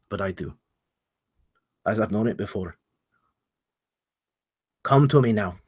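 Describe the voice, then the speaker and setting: A man voicing an ashamed, devout male warrior who prays to his god in a low, solemn, pleading way during a tabletop game. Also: breathy edge, dry recording.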